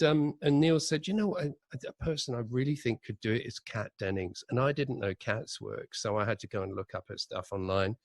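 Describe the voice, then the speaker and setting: A man with a fairly low voice recalls how a cast came together, telling his stories with lively, acted-out quotes. The sound is dry and close, with no room around it. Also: no echo. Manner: animated anecdotes with acted-out quotes. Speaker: audio drama director, interview guest. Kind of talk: conversational interview storytelling.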